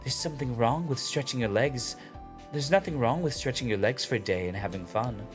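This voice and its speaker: A man's voice: mid-range voice, fairly quick, soft background music, close to an everyday voice. A man voicing a playful young woman teacher in a light, lilting, teasing voice.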